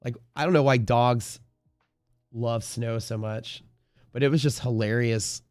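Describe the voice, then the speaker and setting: A man's voice: medium pitch, fairly even intonation, a little slow, darkish tone, no room sound, clean studio sound, faint music behind. A man hosting a live day-trading stream, chatting casually in a rambling way, full of fillers and the odd swear word.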